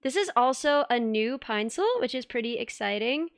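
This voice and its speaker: Young woman streamer, chatty and giggly, fairly high, smooth tone, dry close mic. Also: expressive, moderate pace, no room sound. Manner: giggly, chatty, rambling with filler words. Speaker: VTuber streamer. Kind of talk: casual live-stream chat.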